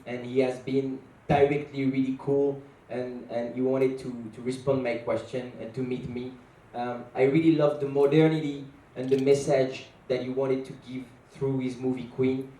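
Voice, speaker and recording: A man's voice: mid-range voice, dark tone. French-accented man joking on stage. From France. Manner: jokey, laughs through lines. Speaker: guest actor at a film event. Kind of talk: playful stage remarks. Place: event stage with an audience. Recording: echoey event hall, from far off.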